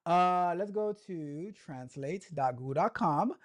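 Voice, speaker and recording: A man's voice: on the high side, animated, a little slow. A man hosting a casual tech livestream, joking around and reading news aloud with stumbles and repeated words.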